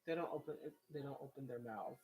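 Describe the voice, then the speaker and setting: A man's voice: medium pitch, fast talker, a little mellow, soft background music. A man vlogging in casual commentary, reading viewer comments and rambling in an exasperated way. He laughs often, and his voice rises when he gets worked up.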